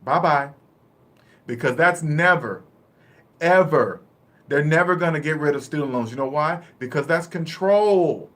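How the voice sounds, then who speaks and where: A man talking bluntly and casually about money and debt, laughing often and acting out quick little dialogues. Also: fairly high pitch, lively intonation, a bit bright. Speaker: personal finance vlogger. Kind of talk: casual live-stream talk.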